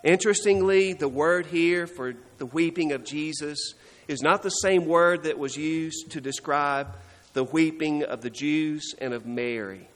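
A man preaching a sermon, slow and earnest, dropping soft and low when he quotes scripture. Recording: hall reverb.

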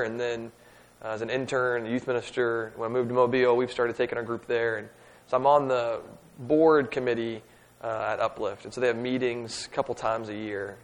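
A middle-aged man, a youth minister telling a casual, humorous story that leads into a sermon point. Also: medium pitch. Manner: casual anecdotal, self-deprecating humor.

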